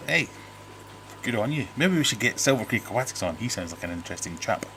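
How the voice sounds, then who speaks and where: A man's voice: on the low side, expressive, quick pace, fairly bright tone, slight background noise. A middle-aged British man hosting a casual livestream, reading viewer comments aloud and rambling with jokes and restarts. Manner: rambling, jokey, self-interrupting. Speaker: livestream host. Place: home fish room.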